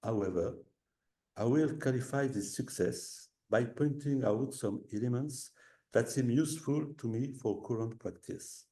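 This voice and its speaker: French guy reading his lecture over a video call, measured, a bit echoey. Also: mid-range voice, warm tone. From France. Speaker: guest lecturer. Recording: echoey room audio.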